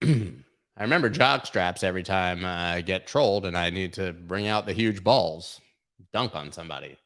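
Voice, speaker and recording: A man with a lowish voice hosts a livestream, talking through market charts in a loose, profane way. He mocks trolls and jokes as he goes. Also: normal speed, a bit bright. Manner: irreverent, profane, mocking. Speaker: crypto livestream host. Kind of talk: casual livestream chart commentary.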